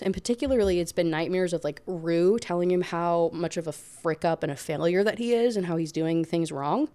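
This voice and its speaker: A woman's voice: mid-range voice, dark tone. Sarcastic young woman ranting about a book. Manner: sarcastic, exasperated, filler-heavy storytelling. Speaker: book reviewer. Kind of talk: casual ranting book review.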